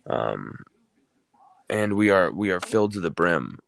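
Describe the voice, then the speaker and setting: Slow-talking sports show host guy, really low voice, rambly and loose. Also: big pitch swings, gravelly, fairly bright tone, no room sound. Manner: rambling and conversational, self-correcting. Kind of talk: casual sports talk livestream.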